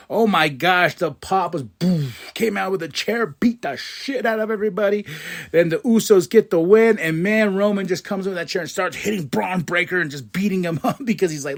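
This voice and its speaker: A man hosting a podcast in a casual, excitable recap, laughing often and acting out quotes. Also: on the high side, normal speed. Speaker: podcast host recapping wrestling.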